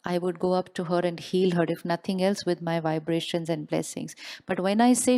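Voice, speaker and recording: A woman's voice: fairly low pitch, a little fast, dark tone. A woman giving a motivational spiritual talk to a live audience, often asking questions and repeating them. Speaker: spiritual speaker. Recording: long hall reverb.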